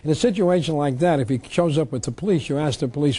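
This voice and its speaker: A man's voice: a little high, fast, mellow, slightly rough. A man giving an emphatic public lecture on tax law, reading legal text aloud. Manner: emphatic, reads statutes aloud.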